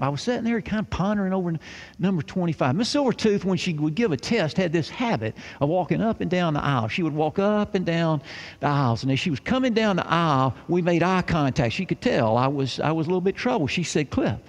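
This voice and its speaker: A folksy man with a gravelly, slightly high voice tells a story to a crowd. His words ring out in a big hall with a long reverb, and he keeps repeating phrases for effect. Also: expressive, quick pace. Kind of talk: storytelling to a live audience.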